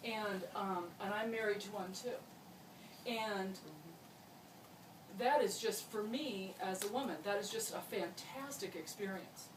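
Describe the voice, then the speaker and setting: A woman's voice: medium pitch, a little slow. A woman giving a chatty, humorous wedding toast about her friends, laughing often as she talks. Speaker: wedding speech giver, friend of the couple. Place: wedding reception. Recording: distant echoey room, noisy.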